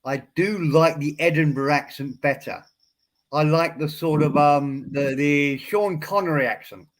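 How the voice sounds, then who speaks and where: Guy on a voice chat, kinda high voice, keeps restarting his sentences, polite. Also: measured pace, dry recording. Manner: hesitant, repeats words, polite. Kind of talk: casual online voice chat.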